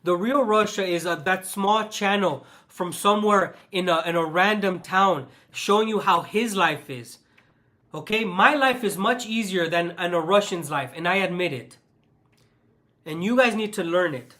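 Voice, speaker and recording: A man with a notably high voice and a sharp, bright tone talks straight to his viewers. He rants passionately, doubling back on his words and repeating points for emphasis. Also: moderate pace. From the West. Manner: passionate, repetitive, restarts often. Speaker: channel host. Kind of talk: ranting vlog monologue.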